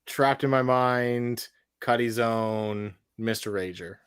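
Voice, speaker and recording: A man's voice: mid-range voice, takes it slowly, smooth, no echo, studio quality. A man appearing as a guest on a live stream, giving short laid-back answers. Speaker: guest scout. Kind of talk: casual live-stream chat.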